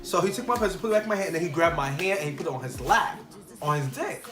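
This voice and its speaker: A young man telling a casual storytime vlog, animated and full of fillers, acting out the people in his story. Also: on the high side, rapid-fire. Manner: animated, quotes people in changed voices, many fillers. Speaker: vlogger. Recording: echoey room with faint music.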